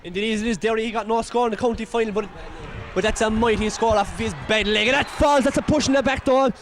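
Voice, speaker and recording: Very high-pitched excitable Irish commentator. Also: male voice, fast, slight background noise. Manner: excitable, partisan, exclaims and scolds players. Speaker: match commentator. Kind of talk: partisan local sports commentary.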